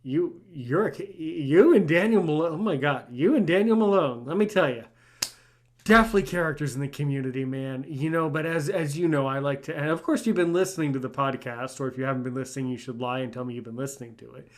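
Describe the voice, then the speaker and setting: Podcast host, man, enthusiastic, joking, repeats words, fairly high voice. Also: fast, a little hiss or hum. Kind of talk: casual interview chat.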